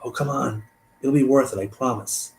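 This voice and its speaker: A man's voice: medium pitch, steady tone, moderate pace, vocal fry, echoey room, pitched above the performer's own voice, natural voice, rough recording. A man acting out a young man who coaxes his friends into a detour, in a light and breezy way. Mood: coaxing. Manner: breezy, coaxing.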